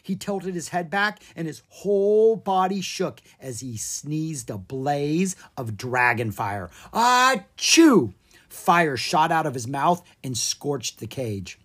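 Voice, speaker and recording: A narrator reading a children's storybook aloud in an expressive, playful way. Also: mid-range voice, slow, hardly any pauses, husky.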